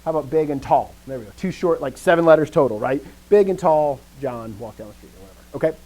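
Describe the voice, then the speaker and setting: A man teaching a live grammar lesson, explaining step by step, often answering students with quick affirmations and dry joking asides. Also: a little high, dark tone, rough recording. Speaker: language teacher.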